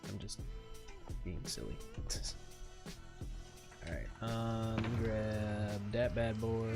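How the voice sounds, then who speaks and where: A man's voice: fairly low pitch, steady tone, takes it slowly, pauses often, over loud music. A young man chatting casually on a livestream while he plays, throwing in goofy made-up sound words. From USA. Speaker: streamer.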